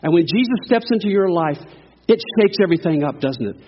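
A man preaching to a congregation, with a high voice and a breathy edge. He talks in a folksy style and keeps asking the crowd for agreement. The sound is dull and lo-fi, with a long echo from the church hall. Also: expressive, brisk. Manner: folksy, call-and-response preaching. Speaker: guest preacher. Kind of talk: sermon. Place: church sanctuary.

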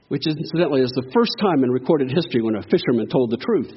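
A guest preacher delivers a sermon in a church sanctuary, using a folksy call-and-response style. His medium-pitched voice is expressive and fast. The echoey hall gives a dull, lo-fi sound with a little hiss or hum.

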